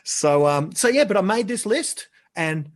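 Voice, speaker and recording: A middle-aged man, a podcast guest, telling stories in a chatty, animated way and often repeating words as he gets excited. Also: high voice, unhurried. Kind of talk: casual storytelling chat.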